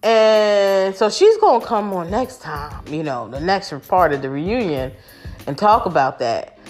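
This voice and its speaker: A woman's voice: mid-range voice, sing-song, measured pace, a little mellow, faint music behind. A woman chatting casually to her viewers, rambling with lots of fillers and restarts and calling them y'all. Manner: talks to her audience as y'all. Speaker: vlogger recapping a reality show.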